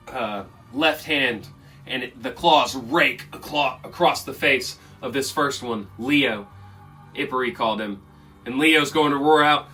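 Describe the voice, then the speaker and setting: A man's voice: medium pitch, sharp tone. A man narrating as game master in a casual, loose way with fillers. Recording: distant mic with faint music.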